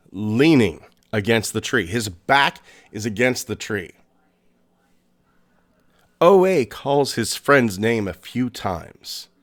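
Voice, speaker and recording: A man hosting a podcast, narrating a scary story in a suspenseful way, with pauses and restarts. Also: fairly low pitch. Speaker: podcast host.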